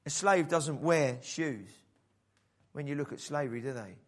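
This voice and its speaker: Animated man preaching. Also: fairly high pitch, moderate pace. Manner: animated preaching, acts out the father's voice. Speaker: pastor. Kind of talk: sermon.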